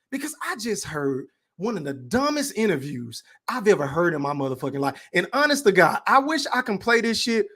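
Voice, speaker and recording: Podcast guy going off on stream, cussing, shouting out donors, voice jumps high and low, aave. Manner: profane, animated, hypes donations with shout-outs. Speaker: podcast host. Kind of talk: livestream podcast rant.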